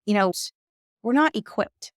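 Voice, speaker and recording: A woman coach and mother giving conversational advice, emphatic and quick to act out the voices she quotes. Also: medium pitch, animated, no room sound, studio quality.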